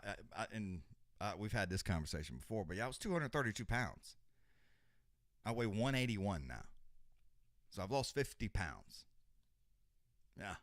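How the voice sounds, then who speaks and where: A man's voice: lowish voice, no echo, clean studio sound. An older man hosting a live stream, chatting casually in a rambling, profane way with lots of restarts. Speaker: host of a live fight companion stream.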